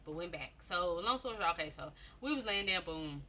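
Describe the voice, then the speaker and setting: A woman's voice: lowish voice, animated, brisk, bright, forceful tone, slight background noise. A woman giving a casual personal testimony, chatty and repetitive, often speaking straight to her listeners. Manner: chatty storytelling, repeats phrases, addresses listeners directly.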